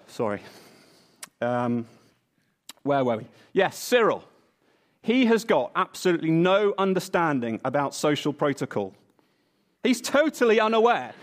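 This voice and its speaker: A male preacher tells a story in a playful way. His voice sits a little high for a man and swings widely in pitch. He preaches from the front of a church. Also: very animated, a little slow, long pauses. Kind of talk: sermon with storytelling.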